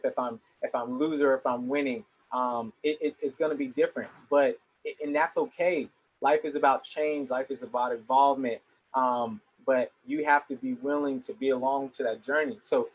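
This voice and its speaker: An earnest young man gives a motivational talk to a young audience. His voice sits fairly high, and he often repeats words as he starts a sentence. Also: a bit bright, dull audio. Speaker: motivational speaker.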